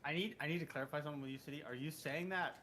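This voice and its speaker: A man's voice: on the high side, rapid-fire, sharp tone, slight background noise. A man playing a tabletop game, a little drunk and slurring, rambling through recaps and correcting himself. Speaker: player. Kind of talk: casual tabletop game chat.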